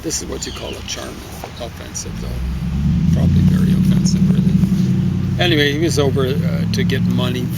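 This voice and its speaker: Gravelly man rambling about a book outdoors. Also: mid-range voice, noisy background. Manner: rambling, musing, with many fillers and asides. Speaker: book reviewer. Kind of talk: casual spoken book review. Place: outdoors in a vegetable garden.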